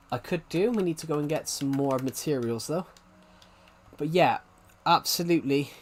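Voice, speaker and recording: Young man in his twenties, game streamer, loose rambling chat that keeps restarting mid-sentence, mid-pitched. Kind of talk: casual live-stream chat while playing.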